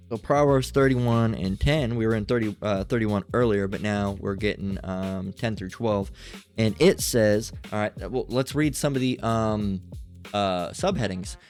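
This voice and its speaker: A man's voice: fairly low pitch, darkish tone. Blunt, profane male online preacher. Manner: blunt and profane, heavy on "you know" and "all right?"; stammers and restarts often. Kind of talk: unscripted religious rant with Bible readings.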